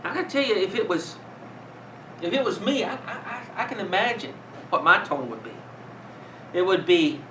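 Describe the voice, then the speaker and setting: Older guy preaching, earnest and measured, mic far off, echoey room. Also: high voice, sharp tone, slight background noise. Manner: earnest, measured, with rhetorical questions. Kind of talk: sermon. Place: room with a congregation. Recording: roomy, distant mic.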